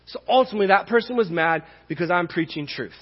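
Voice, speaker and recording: A man's voice: sits high, animated, fast. A man preaching a sermon as pastor, impassioned and conversational, with emphatic peaks. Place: church sanctuary. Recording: dull reverberant church hall.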